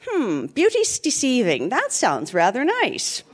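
A shrill, lisping young bride with fangs, sweet on the surface and cruel underneath, as a woman reader puts her on. The voice leaps up high and swings wildly in a comic storybook reading. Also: huge pitch swings, takes it slowly, heavily acted. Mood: coy. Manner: lisping, coy.

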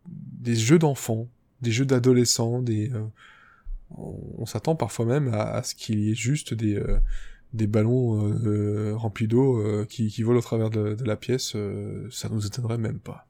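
A man's voice: fairly low pitch, fairly even intonation, normal speed, dark tone. A man hosting a casual review podcast, talking hesitantly with many restarts. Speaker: podcast host.

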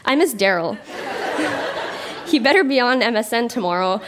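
A woman's voice: fairly high pitch, animated, unhurried, long pauses, a bit bright, a little hiss or hum. Young woman reading her old diary aloud, laughing. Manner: amused, breaking into laughter between entries. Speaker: reader on stage. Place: live stage before an audience.

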